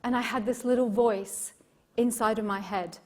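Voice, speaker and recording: A woman's voice: a little high, normal speed. A middle-aged woman from Yorkshire with an English accent, giving a live motivational keynote as a coach, telling stories with emphatic repetition and questions to the audience. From Yorkshire, England. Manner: expressive storytelling, emphatic repetition, engages audience.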